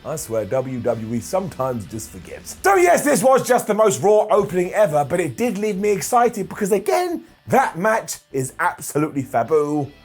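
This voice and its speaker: A man's voice: high-pitched, huge pitch swings, normal speed, hardly any pauses. A man giving a sarcastic, jokey recap of a wrestling show, slipping into mocking voices as he goes. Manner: sarcastic, jokey, mimics people in funny voices. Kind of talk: comedic recap commentary. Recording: light background music.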